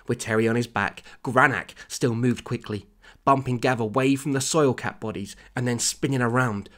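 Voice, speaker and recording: A man's voice: mid-range voice, fairly bright tone. A man hosting a podcast, reading his old story aloud and breaking off to comment, laughing often. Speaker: podcast host.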